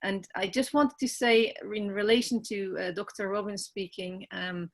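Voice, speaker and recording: A Dutch-accented woman speaks softly and haltingly over a video call, pausing on many ums. She sounds tearful and emotional, her voice sitting at an ordinary middle pitch for a woman. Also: fairly even intonation. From Netherlands. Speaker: team member on a group call. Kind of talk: casual self-introduction on a video call.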